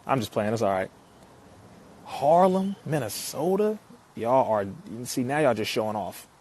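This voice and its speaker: A young man from California, hosting a casual livestream. He energetically reads viewer comments aloud, shouts out their cities, and often laughs between phrases. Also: medium pitch, sing-song, measured pace. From Compton, California. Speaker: live-stream host. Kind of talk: casual live-stream chat.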